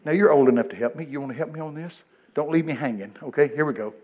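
Folksy older preacher, muffled. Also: male voice, on the high side, fast talker. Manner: folksy storytelling, bursts of loud excitement. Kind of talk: folksy sermon. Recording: muffled lo-fi recording.

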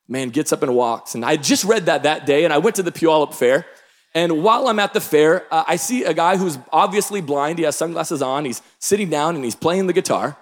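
A pastor from the Pacific Northwest preaching a sermon, telling stories with bursts of shouting. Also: male voice, on the high side, a little fast. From Pacific Northwest, Tacoma, Washington. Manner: energetic storytelling, bursts of shouting. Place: large church hall. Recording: long hall reverb.

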